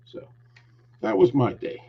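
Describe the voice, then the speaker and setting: A man hosting a talk show, telling an angry story with lots of swearing and heat. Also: measured pace. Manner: profane, heated ranting storyteller. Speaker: podcast host. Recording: dull lo-fi recording.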